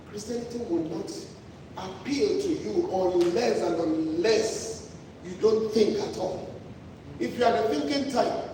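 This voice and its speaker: A high-voiced man preaches a sermon, pressing his points through repetition and restarts. He sounds far from the mic in a large, echoing hall with long reverb. A clear layer of noise sits under his voice. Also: warm tone. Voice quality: emphatic, repetitive phrasing with restarts. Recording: echoey hall from far off, noisy.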